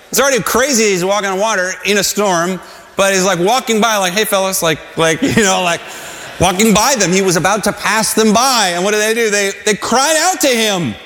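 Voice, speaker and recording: A man preaches in an easy, conversational way, circling back and restarting his sentences as he goes. His voice sits a little high for a man. The sound rings out with a long hall echo. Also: a bit bright. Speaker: pastor. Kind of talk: sermon.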